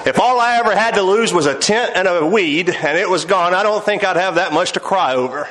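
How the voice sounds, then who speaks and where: A man preaching a sermon, emphatic and drawn out, with soft chuckles between points. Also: sits high, animated, brisk, echoey room, low-quality recording.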